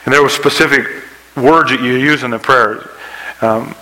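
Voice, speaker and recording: A man preaching a sermon, telling a story with rising excitement and dropping to a hush for quoted prayers. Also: moderate pace, poor audio. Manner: storytelling preacher, acts out scenes with rising pitch. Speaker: pastor.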